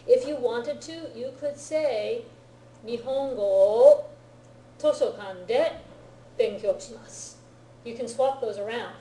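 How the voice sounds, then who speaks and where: A woman's slightly high, mellow voice explains grammar to her students in a classroom lecture. She keeps checking that they follow her, and the room around her is roomy and echoey. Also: a little hiss or hum. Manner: checks understanding often with "right?" and "okay?". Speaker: Japanese language teacher.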